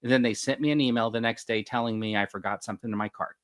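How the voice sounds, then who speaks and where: A man's voice: mid-range voice, steady tone, fast, no room sound, studio quality. A man co-hosting a casual panel podcast, rambling as he works numbers out aloud and laughing often. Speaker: podcast co-host.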